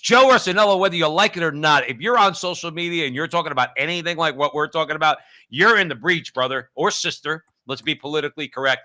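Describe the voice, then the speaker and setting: Male co-host, fairly high and bright, emphatic, chatty asides. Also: quick pace, few pauses. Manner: emphatic, repeats listener's name, rambling asides. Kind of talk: political talk show.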